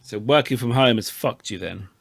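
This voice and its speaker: A man's voice: medium pitch, moderate pace, gravelly. A man co-hosting a casual podcast, reacting to stories and teasing his co-host. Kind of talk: casual chat.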